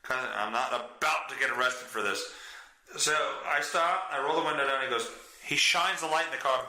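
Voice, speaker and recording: A man's voice: medium pitch, a little fast, pushed and bright. A middle-aged man hosting a podcast, telling a crude story in casual chat, swearing constantly and laughing as he goes. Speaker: podcast host. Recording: echoey room.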